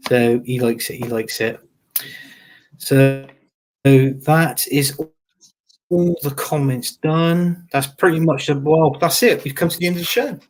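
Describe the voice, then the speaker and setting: A man's voice: fairly high pitch, measured pace. Chatty man reading comments. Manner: chatty, laughs often, repeats phrases. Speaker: host of football show. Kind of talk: casual live-stream chat, reading viewer comments.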